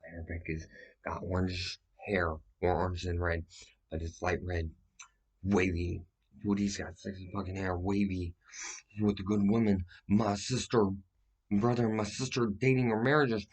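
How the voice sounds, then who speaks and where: A man with a fairly low voice rambles on in a vlog monologue. His talk is loose and full of swearing, and it keeps tipping into agitated outbursts. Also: steady tone, moderate pace, husky.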